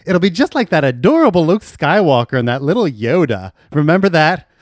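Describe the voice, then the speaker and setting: A flamboyant convict pleads and jokes with showy theatrical flair, as a man voices him. His voice is high and animated, close and dry. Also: a little fast, no room sound. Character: campy, theatrical male convict, flamboyant and kind.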